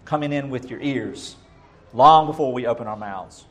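A middle-aged man preaching a sermon as pastor, emphatic, swinging between loud bursts and quiet asides. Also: medium pitch, moderate pace.

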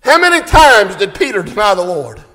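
A man preaching a fervent sermon at a church service, reading scripture in King James wording and rising to shouts at his peaks. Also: high voice, big pitch swings, moderate pace. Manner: impassioned, swells to shouting at peaks. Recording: long hall reverb.

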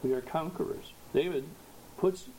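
A man preaching a sermon, slow and emphatic, rising to loud exhortation at its peaks. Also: on the high side, a little hiss or hum, poor audio.

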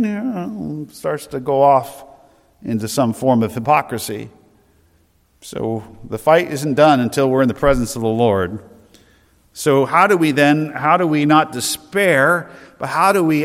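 A man's voice: mid-range voice, fairly bright tone, long reverb tail. A man preaching an earnest, emphatic sermon as pastor, often restarting his phrases.

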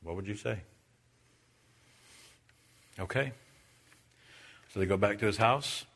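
A man who is a Baptist preacher, giving a sermon that swings from loud, high preaching to quiet storytelling. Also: slow pace, creaky. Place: church.

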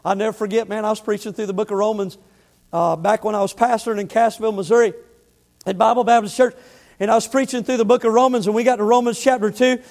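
A man preaching from the pulpit, his voice pitched strikingly high for a man. He tells stories in a relaxed way and drops to quiet, weighty words to make his points. Long reverb from the church sanctuary trails after each phrase. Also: quick pace. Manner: storytelling preacher, drops to hushed emphasis. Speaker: pastor. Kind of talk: sermon.

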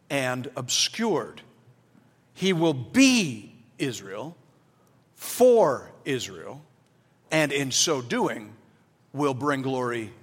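A man's voice: medium pitch, long reverb tail. A man preaching a sermon, explaining scripture verse by verse and acting out the quoted lines. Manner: expository teaching, acts out quotes in voices. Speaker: pastor.

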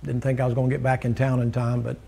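A man's voice: mid-range voice, monotone, fast talker, vocal fry, dark tone, slightly rough. An older man preaching a sermon, telling a folksy story, laughing and acting out the dialogue.

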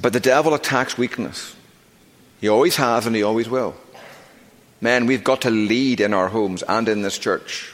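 Middle-aged man, pastor, preaching from the pulpit, emphatic and deliberate, reverberant sanctuary. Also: medium pitch. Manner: emphatic preaching, slowing and stressing key words. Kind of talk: sermon. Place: church sanctuary. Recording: long reverb of a church sanctuary.

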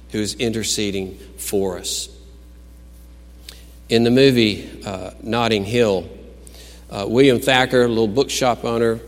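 A male pastor preaches at an unhurried pace, his words ringing out in a large, echoing hall. He climbs to loud, exclaimed declarations and then drops to quiet, musing retellings of film scenes. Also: on the low side. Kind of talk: sermon.

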